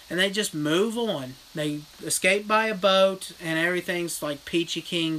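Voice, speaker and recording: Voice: mid-range voice, a little hiss or hum, poor audio. A horror vlogger in a casual livestream rant, retelling a film bluntly with lots of swearing. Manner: blunt, profane, animated storytelling. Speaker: horror vlogger reading live chat.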